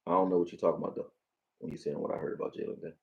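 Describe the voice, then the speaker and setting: A man from Philadelphia with a Philly accent, hosting a live football stream, profane and animated, talking back to his chat. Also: low-pitched, racing, creaky, highs cut off. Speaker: sports streamer.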